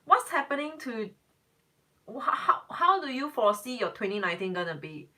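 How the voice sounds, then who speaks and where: A woman's voice: a little high, big pitch swings, moderate pace, pushed and bright. A woman tarot reader chatting casually on a live stream, answering viewer comments in a rambling way with exasperated exclamations.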